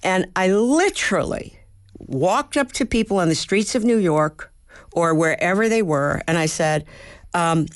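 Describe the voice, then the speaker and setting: A woman's voice: lowish voice, animated, moderate pace, no echo, studio quality. A woman in her seventies from the United States, an actor and playwright telling stories as an interview guest in a thoughtful way, acting out rhythms and the voices of people she quotes. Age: 70s. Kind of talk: reflective interview storytelling.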